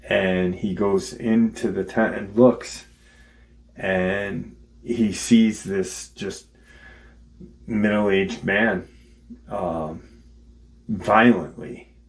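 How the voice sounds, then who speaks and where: Male host, deep and unhurried, recounting a story loosely with frequent ums. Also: low-quality recording. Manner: halting, many ums and restarts. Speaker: podcast host retelling a listener's encounter. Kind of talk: casual spoken storytelling.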